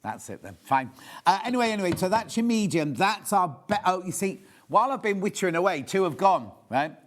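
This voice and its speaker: A middle-aged man presenting a live shopping show, chatty and rambling, poking fun at himself as he reads out viewer questions. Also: fairly high pitch. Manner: chatty, rambling, self-deprecating.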